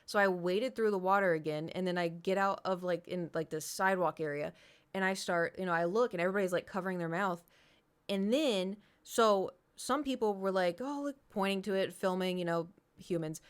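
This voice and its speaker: A woman's voice: lowish voice, brisk, clean tone. A young adult woman streamer telling a long story in casual chat, rambling with lots of fillers and swearing.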